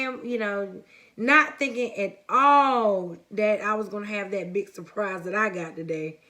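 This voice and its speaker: A young woman from the United States telling a story-time vlog in a lively, chatty way, talking straight to her viewers. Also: medium pitch, unhurried. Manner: casual and chatty, calls viewers honey and baby. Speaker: vlogger.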